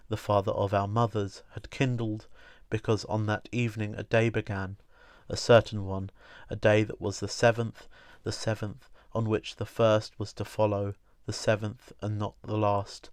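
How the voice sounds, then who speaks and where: A man reading literary prose aloud in a slow, meditative, repetitive cadence. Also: on the low side, clear, resonant tone, no room sound. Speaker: reader.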